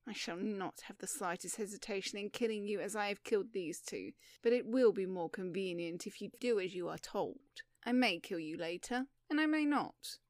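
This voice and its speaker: A woman's voice: mid-range voice, normal speed, hardly any pauses, no room sound, clean studio sound, close to an everyday voice. A woman voicing a harsh, ruthless female captor in an audiobook, giving curt, commanding orders. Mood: curt, menacing. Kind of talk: audiobook reading.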